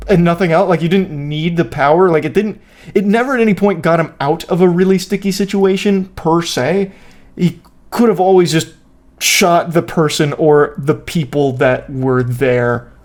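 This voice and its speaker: A man's voice: a little high, a little mellow. A man hosting a casual movie review, talking in a loose, rambling and blunt way. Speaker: host.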